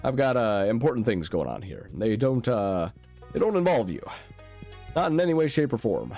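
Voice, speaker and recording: A man's voice: medium pitch, big pitch swings, normal speed, gravelly, warm tone, faint music behind. A man voicing a rude, distracted male scientist in a farming game, brusque and hesitating with "uh"s. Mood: grumpy.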